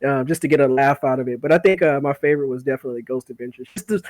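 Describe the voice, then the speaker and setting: A man's voice: mid-range voice, very fast, darkish tone, dry recording. A man hosting a casual podcast chat who rambles, laughs often and repeats his words. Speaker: podcast host.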